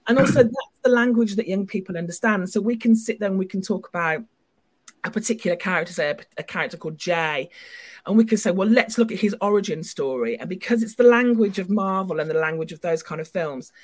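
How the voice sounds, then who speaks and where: A woman's voice: mid-range voice, lively intonation, fast talker. A woman, a guest from a small company, talking in an earnest, upbeat way with restarts, heard over a video call.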